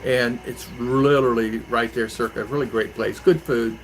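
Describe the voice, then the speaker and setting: A man's voice: medium pitch, fairly even intonation, moderate pace, slight background noise, low-quality recording. A man from Arizona, hosting a casual live stream and answering viewer comments in a rambling, chatty way. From Arizona, USA.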